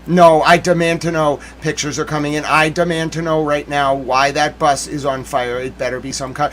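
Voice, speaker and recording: A man's voice: a little high, little pitch movement, moderate pace, few pauses, a bit bright, a little hiss or hum. A man hosting a livestream news commentary, ranting indignantly and demanding answers.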